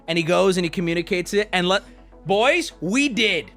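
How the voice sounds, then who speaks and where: A man streaming to his chat, telling a travel story in a lively way and jumping into squeaky put-on voices for the people he quotes. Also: normal speed, faint music behind. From United States. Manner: lively, swings into high squeaky voices when quoting people.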